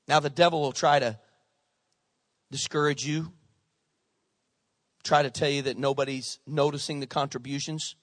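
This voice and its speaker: A man's voice: on the high side, steady tone, normal speed, long pauses, no echo, studio quality. A male pastor preaching a sermon with passion and conversational humor.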